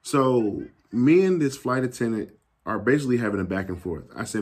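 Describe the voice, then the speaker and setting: A young adult man telling a casual story in an animated, slangy way, acting out the people he quotes. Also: on the low side, a little fast. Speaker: YouTube gaming channel host.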